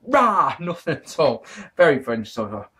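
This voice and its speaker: Brief: male reviewer, excitable and self-correcting, animated pitch. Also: moderate pace, breathy edge. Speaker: video reviewer. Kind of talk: casual wrestling DVD review.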